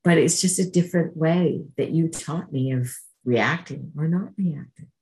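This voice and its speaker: A woman's voice: low voice, moderate pace, darkish tone, poor audio. A woman sharing her personal recovery story at a meeting, earnest and conversational, acting out the exchanges she describes.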